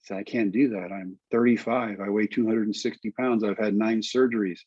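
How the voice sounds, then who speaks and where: A middle-aged man from Texas tells a long personal story, slipping into the voices of the people he quotes. His voice is a bit husky at a middle pitch. The recording is dry and somewhat dull. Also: a little fast, dry recording. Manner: animated storyteller acting out dialogue. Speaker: guest storyteller. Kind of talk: storytelling in conversation.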